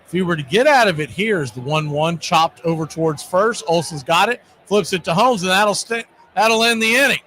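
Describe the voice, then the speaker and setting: Baseball play-by-play guy, high bright voice, gets loud and goofy on big hits. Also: fairly quick, few pauses, a little hiss or hum. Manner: excitable, shouts big plays with playful catchphrases. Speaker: play-by-play announcer. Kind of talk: radio-style baseball play-by-play.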